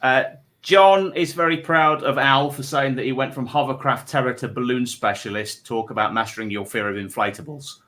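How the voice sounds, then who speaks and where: Man, comedy panel host, bright forward tone, chatty, wry asides, middle pitch. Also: moderate pace. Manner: chatty, reads out viewer comments with wry asides. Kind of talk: comedy panel show hosting. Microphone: online live stream.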